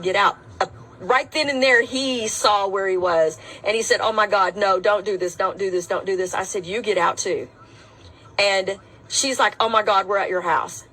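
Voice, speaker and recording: A woman tells a personal story straight to camera. She is matter-of-fact and a bit defiant, speaking at an even, middling pitch. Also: low-quality recording. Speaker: rideshare driver telling her story.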